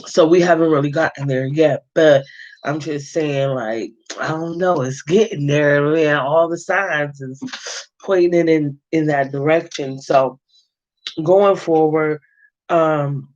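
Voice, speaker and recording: A man's voice: fairly high pitch, fairly even intonation, slow pace, highs cut off. A man giving a casual, slangy movie review, rambling and swearing freely with lots of fillers.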